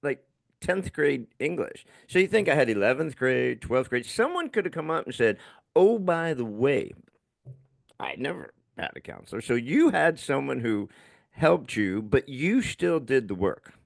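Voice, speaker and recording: A man's voice: mid-range voice, sing-song, unhurried, creaky, no echo. A man, a podcast host, telling a story in a laid-back way, laughing often and acting out other voices. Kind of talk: casual storytelling.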